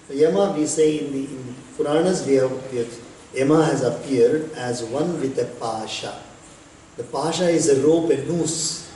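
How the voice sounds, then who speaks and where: A man, a spiritual teacher telling a devotional story in an unhurried way, with pauses and bits of chanting. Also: fairly high pitch, mellow. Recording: echoey hall, distant mic, faint noise.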